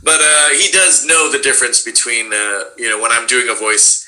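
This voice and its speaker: A man who works as a voice actor, a guest in a casual chat, animated and playful as he laughs and talks. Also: medium pitch, normal speed.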